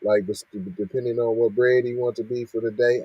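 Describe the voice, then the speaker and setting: Man, heated rant, scolding rhetorical questions, dark husky voice. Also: medium pitch, steady tone, brisk, few pauses, dry recording, lo-fi sound. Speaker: podcast host reacting to news. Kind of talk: reading and ranting commentary.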